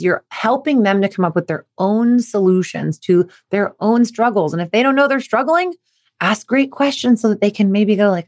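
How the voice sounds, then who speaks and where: A woman host of a sport-coaching podcast, speaking casually straight to her listeners. She keeps an easy, conversational flow and slips into brighter, playful voices when she acts out what a parent might say. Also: mid-range voice, a little fast. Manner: animated, acts out quoted questions in a lively voice. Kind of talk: casual solo podcast talk.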